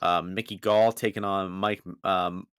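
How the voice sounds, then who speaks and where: A man co-hosting a fight betting podcast, giving odds and weights in a measured, matter-of-fact way. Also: low voice, steady tone, a bit bright, clean tone, no echo, clean studio sound. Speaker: podcast co-host. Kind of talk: casual betting chat.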